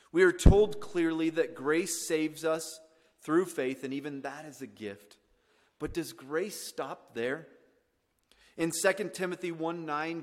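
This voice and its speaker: A man preaching a sermon as pastor, swinging from hushed lines to loud, emphatic ones. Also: mid-range voice. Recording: long reverb of a church hall.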